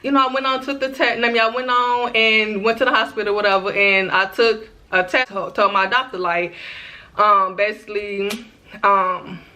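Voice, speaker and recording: A woman in her twenties chatting through a storytime vlog, lively and talking straight to her viewers. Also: mid-range voice, normal speed. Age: 20s. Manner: chatty, animated, addresses viewers directly. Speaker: vlogger.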